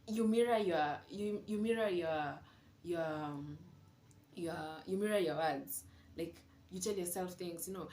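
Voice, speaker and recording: Talking to camera from home, this young vlogger is candid and confiding, mixing Swahili words into a relaxed, reflective monologue. She has a lowish, slightly mellow voice, and the recording carries room echo and faint background noise.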